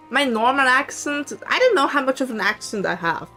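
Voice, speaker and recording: During a casual gaming stream, a young woman from Switzerland teases her viewers playfully, speaking English with a light Swiss accent while faint music plays behind her. Her high voice is sharp and lively, a little fast, with few pauses.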